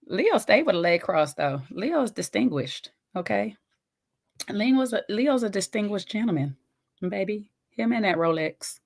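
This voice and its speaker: A woman hosting a casual reaction video, chatty and folksy, with loud, laughing asides. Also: mid-range voice, big pitch swings, measured pace, vocal fry. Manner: chatty and folksy, calls viewers "child" and "baby".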